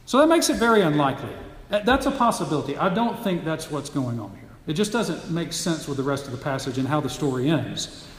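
A man's voice: on the high side, sing-song, brisk. A man preaching a sermon, teaching earnestly and building to emphatic, repeated phrases. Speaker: pastor. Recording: echoey hall, long reverb.

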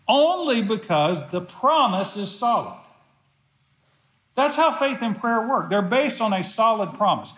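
Preacher man, fairly high voice, lively and emphatic, repeats lines to drive them home, echoey church room. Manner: emphatic, repeats phrases for stress. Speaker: pastor. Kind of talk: sermon.

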